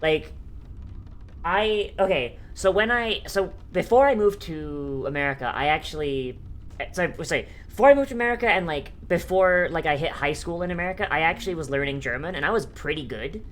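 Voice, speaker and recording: A young woman chatting on a casual live stream in a fairly low voice. Her talk rambles and swears freely, and it is full of fillers, restarts and quick laughs. Faint background noise sits under the voice. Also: lively intonation. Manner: rambling and profane, with many fillers and frequent laughter.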